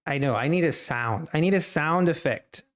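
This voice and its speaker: A man's voice: fairly high pitch, expressive, moderate pace. A man hosting a live trading stream, chatting casually with viewers and laughing often. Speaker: livestream trading host.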